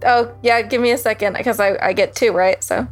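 Excitable, giggly higher-voiced woman player. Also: brisk, soft background music. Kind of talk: casual tabletop play.

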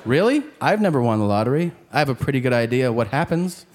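A man's voice: medium pitch, sing-song, fast talker. A man doing a stand-up comedy set on stage, acting out the voices of the people in his jokes. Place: comedy club stage before a live audience. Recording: live club recording with crowd noise. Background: audience laughter and crowd noise.

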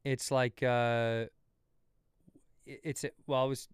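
A man's voice: mid-range voice, little pitch movement, takes it slowly, smooth, no room sound, clean studio sound. A man in his thirties, a guest on a comedy podcast, riffing and ranting in casual chat with swearing. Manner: riffing, swearing, mock rants, acts out quotes.

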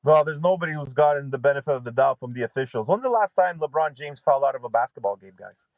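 A man's voice: mid-range voice, lively intonation, quick pace, no room sound, muffled recording. A man guesting as a basketball analyst, breaking down a game in emphatic, punchy short phrases. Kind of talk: sports talk analysis.

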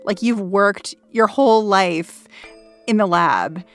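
A woman hosting a news podcast, narrating in a measured, conversational way and asking interview questions. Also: mid-range voice, fairly bright tone, faint music behind. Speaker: podcast host.

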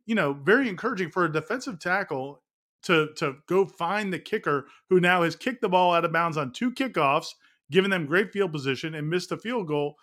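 A man's voice: on the high side, lively intonation, fairly quick, fairly bright tone. A man co-hosting a casual sports talk show, telling stories and teasing with laughter. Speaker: sports podcast co-host.

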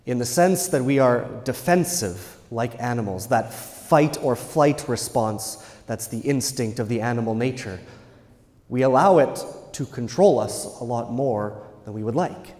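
A male priest delivers a Sunday homily at a middling pitch, earnest and measured, leaning on pauses for emphasis. His voice rings with the long reverb of a large church. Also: animated, a little mellow. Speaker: Catholic priest.

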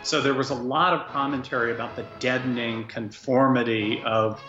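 A man's voice: mid-range voice, fairly even intonation, fairly bright tone. Hesitant male academic in a roomy space. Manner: hesitant, measured, with fillers. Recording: roomy, muffled with music.

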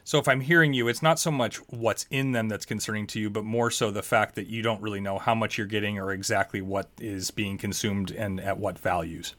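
A man co-hosting a podcast as a medical professional, talking in an animated, conversational way and often correcting himself mid-sentence. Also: lowish voice, fairly quick, few pauses, no echo. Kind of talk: casual podcast chat.

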